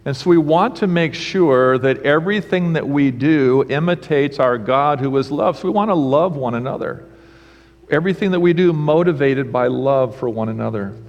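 Pastor preaching in a reverberant sanctuary. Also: male voice, on the high side, moderate pace, muffled recording. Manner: storytelling with humor, preacherly. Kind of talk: sermon. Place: church sanctuary. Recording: church sanctuary with long reverb.

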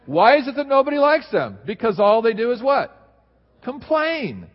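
A man preaching a sermon as pastor, swinging between lively emphasis and low, quiet asides. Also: normal speed. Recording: dull sound in a reverberant hall.

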